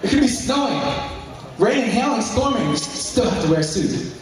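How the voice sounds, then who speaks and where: A young man giving a fervent motivational speech to a business group, repeating key phrases and breaking into shouts. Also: very high voice, lively intonation, brisk. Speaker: motivational speaker at a business meeting. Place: large indoor hall with a live audience. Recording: very echoey hall, mic far off, crowd.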